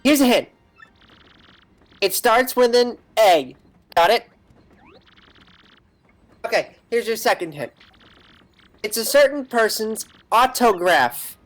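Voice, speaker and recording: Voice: medium pitch, animated, takes it slowly, long pauses, fairly bright tone. A streamer doing a bratty kid Bob-omb. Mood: eager. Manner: eager, teasing, childlike.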